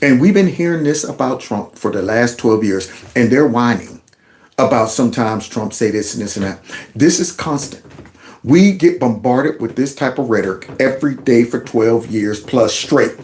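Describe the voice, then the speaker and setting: A man's voice: mid-range voice, animated, normal speed, darkish tone. A middle-aged man, ranting and mocking as he comments on political clips. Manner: heated, mocking, mimics voices.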